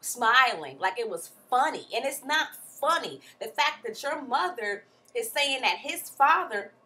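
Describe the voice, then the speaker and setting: A young woman talks in with a bright, forceful voice pitched a little high. Her delivery is animated and exasperated, and it jumps around a lot as she recaps a reality show in blunt, slangy, casual commentary. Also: unhurried.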